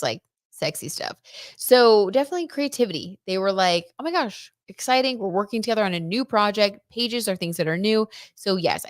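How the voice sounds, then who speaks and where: A woman's voice: on the low side, no echo, clean studio sound. A young woman hosting a casual live tarot reading, chatty and gushing, with lots of "like" and "oh my gosh". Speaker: tarot reader and live stream host.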